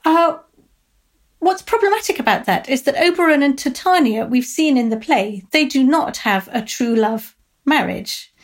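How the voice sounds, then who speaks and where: A woman professor giving a thoughtful close-reading, pausing with frequent ums and uhs and quoting lines aloud. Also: high voice. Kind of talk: lecture close-reading of a text.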